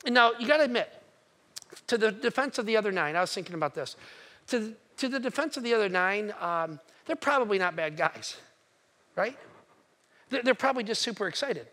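A male pastor retells a story in his sermon, acting out the characters' voices with animation and putting questions directly to the congregation. His voice sits high, at a moderate pace with long pauses.

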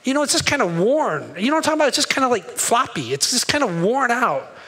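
Male pastor, higher-pitched voice, casual storytelling sermon, loud one moment and hushed the next. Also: sing-song, fast, slightly rough. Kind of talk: conversational sermon.

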